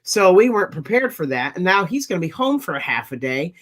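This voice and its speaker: Wry panelist with a middle pitch. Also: sing-song, brisk, fairly bright tone. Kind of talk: casual panel chat.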